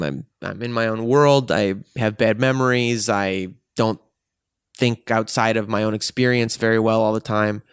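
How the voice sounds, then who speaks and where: A man's voice: on the low side, clean tone, no room sound, studio quality. A man speaking in a frank, profane and emotionally intense way, reflecting on himself in a personal monologue. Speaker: vlogger.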